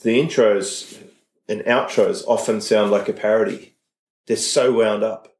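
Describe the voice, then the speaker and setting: A middle-aged Australian man chatting casually as a podcast co-host, telling animated stories. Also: fairly low pitch, unhurried. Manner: animated storyteller, acts out others mid-story. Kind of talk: casual chat. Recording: roomy echo.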